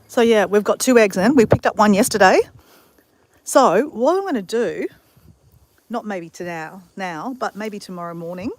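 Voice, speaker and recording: A woman's voice: mid-range voice, slight background noise. An Australian woman chatting upbeat to her live-stream viewers from a backyard. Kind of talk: casual live-stream chat. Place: outdoors in a backyard with chickens.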